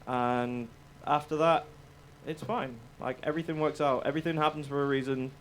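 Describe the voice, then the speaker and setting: A man's voice: mid-range voice, steady tone, normal speed, slight background noise. A male musician chatting as a guest about his songs, laid-back, rambling and a bit sweary. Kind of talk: casual interview chat.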